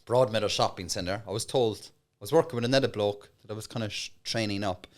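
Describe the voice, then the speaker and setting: An Irish man, a comedian, telling lively, swearing anecdotes as a podcast guest and acting out the voices of the people in his stories. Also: lowish voice, brisk. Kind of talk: animated anecdote-telling in casual interview.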